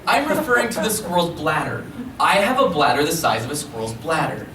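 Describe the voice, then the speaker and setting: A man performing slam poetry at a live reading, with an expressive, rhythmic delivery and chatty asides between poems. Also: fairly high pitch, fairly quick. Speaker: poet. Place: library event room. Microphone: recorded from a distance. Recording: echoey room from far off, faint background noise.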